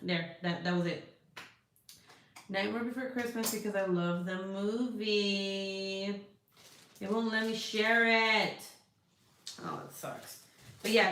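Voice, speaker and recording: A woman's voice: medium pitch, a bit bright, echoey room, a little hiss or hum. A woman chatting casually with viewers on a crafting livestream, profane and rambling, often breaking off to scold her cat. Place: indoor room at her craft desk.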